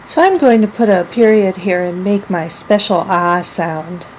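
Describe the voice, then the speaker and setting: A woman teaching a lesson to young children, speaking clearly and acting out example sentences with lively expression. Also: medium pitch, measured pace, slight background noise, rough recording. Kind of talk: model classroom minilesson.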